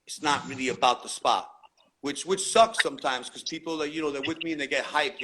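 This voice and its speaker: A man's voice: mid-range voice, a little fast. A man telling graffiti stories in a casual interview, laid-back and swearing freely in street slang. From New York. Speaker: graffiti writer being interviewed. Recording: loud background noise.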